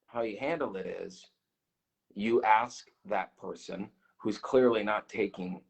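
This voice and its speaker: A man's voice: on the low side, slow, vocal fry. A man talking as a guest on a radio show, earnest and reflective, often restarting his sentences as he explains how he feels. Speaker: guest, host's twin brother. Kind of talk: casual radio chat.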